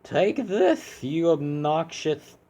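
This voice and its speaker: A man voicing a male hero who sounds overly cheery while dwelling on grim things, with a drawn-out, sing-song delivery. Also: on the high side, sing-song, warm tone, voice pushed up, exaggerated voice. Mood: mock cheery.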